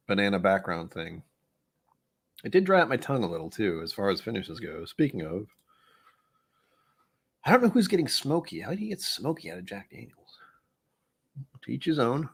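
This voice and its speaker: Male streamer, low-pitched, loose and rambling, chats to chat between sips. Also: husky. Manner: rambling, offhand, thinks aloud. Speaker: livestream host. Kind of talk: casual whiskey-tasting livestream chat.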